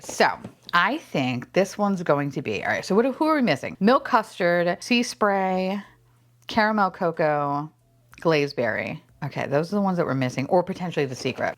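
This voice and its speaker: A woman chats through a toy unboxing in a casual, gushing way. Her pitch swoops up and down, and she squeals and curses as each box opens. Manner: gushing, squeals and swears often. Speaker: unboxing vlogger.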